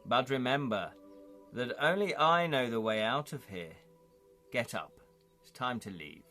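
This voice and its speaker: A man reading a calm, menacing dwarf captor. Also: medium pitch, faint music behind. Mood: calm threat. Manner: calm, measured.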